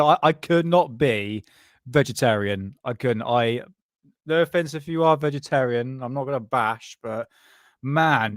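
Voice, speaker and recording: A man's voice: mid-range voice, no echo, clean studio sound. Rambling live-stream host, man. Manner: rambling, chatty, swears and laughs often. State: stoned. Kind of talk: casual live-stream chat.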